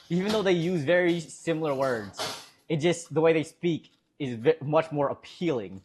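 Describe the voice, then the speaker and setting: A man's voice: on the high side, a little slow, darkish tone, slight background noise. A man streaming, chatting casually with his viewers in a rambling, hesitant way, restarting sentences and chuckling.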